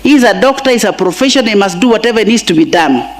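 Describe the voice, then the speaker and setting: A woman's voice: mid-range voice, lively intonation, fast. A middle-aged Kenyan woman with a Kenyan accent giving an emotional eulogy for her husband and mixing in Swahili phrases. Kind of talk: funeral eulogy speech. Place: large funeral gathering.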